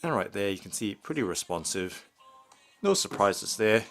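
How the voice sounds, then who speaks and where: A man narrating an unboxing and demonstration step by step, in a slow and methodical way. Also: lowish voice, sing-song, a bit bright, faint music behind. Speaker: product reviewer.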